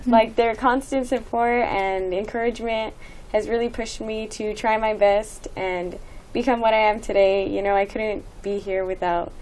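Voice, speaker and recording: Teen girl, graduating student, soft and gushing, mid pitch. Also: fairly even intonation, normal speed, slight background noise. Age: late teens. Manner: soft-spoken, gushing thanks with many fillers. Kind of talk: interview answers.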